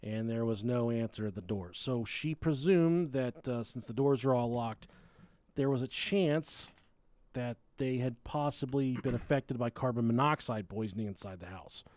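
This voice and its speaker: A man's voice: mid-range voice, moderate pace, darkish tone, no echo. A man hosting a podcast, chatting casually about a true crime case, joking and swearing as he tells it. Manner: joking, swears, quotes people in silly voices. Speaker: podcast host.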